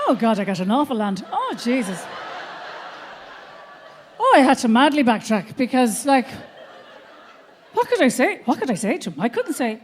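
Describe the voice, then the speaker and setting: A woman's voice: sits high, normal speed, pauses often, a little hiss or hum. A woman in her fifties telling brash, profane stories as a stand-up comedian on a theatre stage. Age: 50s. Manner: brash, profane, animated storytelling. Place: theatre stage before an audience.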